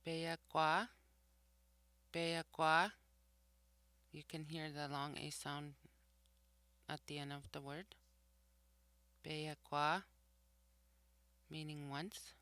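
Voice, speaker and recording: A language teacher in a recorded vocabulary lesson, who says each word slowly twice and then explains what it means. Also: medium pitch, monotone, a bit bright, clean tone, dry recording. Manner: slow and deliberate, repeats each word twice; explains each word's meaning after saying it.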